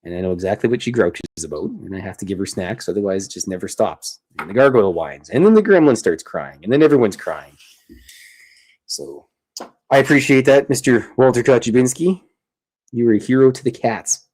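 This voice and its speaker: Guy streaming from his home art studio, lowish voice, rambly, keeps cutting himself off. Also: lively intonation, brisk, darkish tone. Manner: rambling, self-interrupting, chatty. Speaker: streamer host. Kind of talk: casual livestream chat while drawing.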